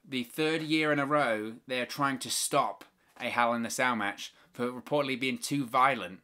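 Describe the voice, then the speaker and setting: A man's voice: medium pitch, moderate pace, hardly any pauses, bright, forceful tone. A man hosting a live watch-along, giving play-by-play wrestling commentary with opinionated, exasperated asides.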